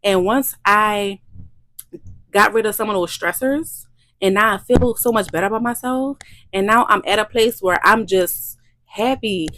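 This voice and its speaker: A woman shares a heartfelt vlog testimony. Her voice has a gravelly edge and sits at an ordinary pitch. The sound is dry and close, with no room echo. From Louisiana. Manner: emotional, repetitive, faith-filled. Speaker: midwife and channel host.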